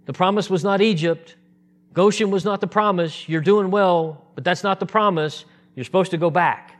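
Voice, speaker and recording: A man preaching a sermon, animated and acting out the voices of the people in his story. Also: high voice, normal speed. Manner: animated, acts out voices in quotes.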